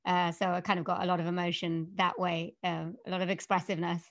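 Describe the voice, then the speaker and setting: A woman from Wales with a Welsh accent, a voiceover artist chatting as a guest in an interview, upbeat and quick to laugh, with some hesitant fillers. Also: on the low side, little pitch movement. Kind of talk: casual interview chat.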